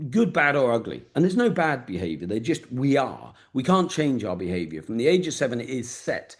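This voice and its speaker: A man with a Luton and Peterborough accent, mentoring a group over a video call in a blunt, sweary, straight-talking way. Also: mid-range voice. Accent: English, Luton and Peterborough. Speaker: business mentor. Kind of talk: casual mentoring session.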